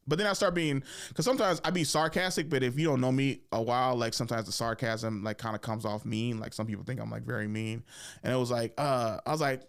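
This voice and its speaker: A young man on a podcast telling a story with lots of energy, jumping high for quoted lines and dropping to mutters for asides. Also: fast, vocal fry. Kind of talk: animated storytelling, acting out quotes.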